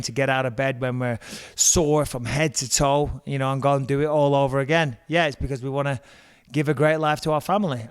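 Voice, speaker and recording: A man's voice: medium pitch, smooth. An English man in his forties, a retired fighter telling stories in a casual interview at a kitchen table, chatty and joking. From England. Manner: chatty, joking, animated storyteller.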